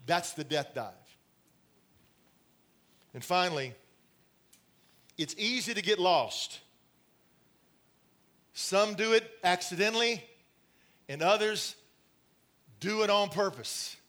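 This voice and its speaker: High-voiced male pastor preaching. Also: lively intonation, takes it slowly, long pauses, a bit bright. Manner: storytelling with laughs and asides to the congregation. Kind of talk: sermon. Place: church in front of a congregation.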